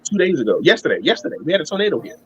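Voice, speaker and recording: A man's voice: on the high side, very animated, racing, a bit bright, muffled recording. A man telling a long, rambling story in casual chat, swearing and laughing at himself. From Maryland. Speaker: guest.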